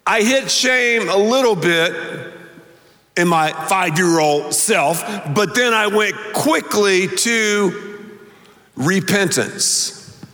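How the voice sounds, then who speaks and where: A man preaching a sermon with a notably high voice and an unhurried, deliberate pace. He tells stories and leans on single words with pauses for emphasis. His voice carries the long reverb of a large church hall. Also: animated, pushed and bright. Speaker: pastor.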